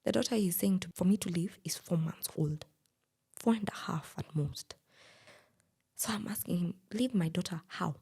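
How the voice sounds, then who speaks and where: A young Kenyan woman co-hosting a podcast, recounting a personal story in a hushed, breathy way. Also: on the low side, moderate pace, pauses often. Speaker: podcast co-host.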